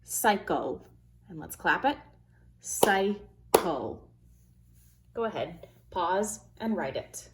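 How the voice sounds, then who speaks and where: Slow, careful woman teaching phonics. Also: fairly low pitch, animated, very noisy. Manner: slow, careful, sounding out words. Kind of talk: phonics lesson for children.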